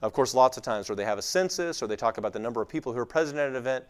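Racing along with an animated, clear, resonant medium-pitched voice, a man with a light West Texas accent lectures informally on the Bible. He talks to his live audience conversationally, using many fillers and acting out the voices of people he quotes.

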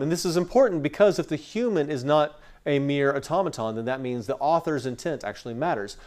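A man's voice: medium pitch, a little mellow. A man from West Texas teaching scripture to a room of people in a conversational lecture, explaining through everyday stories. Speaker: Bible teacher. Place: room with an audience.

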